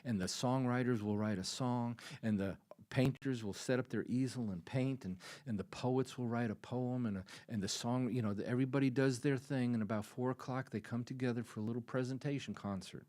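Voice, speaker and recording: A man talking from a small coffee-house stage in a folksy storytelling way, repeating phrases for emphasis and swinging between hushed and loud. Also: mid-range voice. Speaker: musician speaking from the stage. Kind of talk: folksy stage talk with a told joke.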